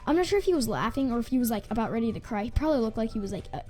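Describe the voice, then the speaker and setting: A woman's voice: on the high side, expressive, racing, warm tone, faint music behind. A female gaming channel host telling a school story in a casual, rambling way, full of "like" fillers and restarts.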